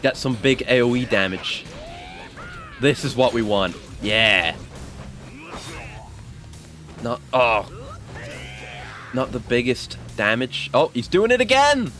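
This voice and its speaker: Brief: male game streamer, unhurried casual commentary that breaks into yelps and swearing at the game, faint music underneath. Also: medium pitch, big pitch swings, a bit bright. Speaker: gaming streamer. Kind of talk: casual let's-play commentary.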